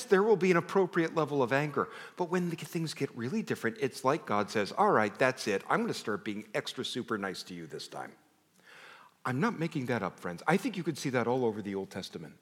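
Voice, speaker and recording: A man preaching a sermon to a congregation in a conversational, animated way, breaking off mid-sentence and sometimes dropping his voice very low. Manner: animated, conversational, self-interrupting, drops to near whisper. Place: church sanctuary. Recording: long hall reverb.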